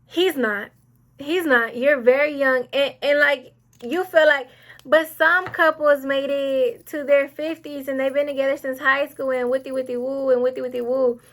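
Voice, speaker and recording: A woman's voice: high-pitched, fairly even intonation, normal speed, fairly bright tone. A young woman chatting casually while doing her makeup, rambling and getting sidetracked as she gives advice. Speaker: beauty vlogger. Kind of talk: casual get-ready-with-me chat.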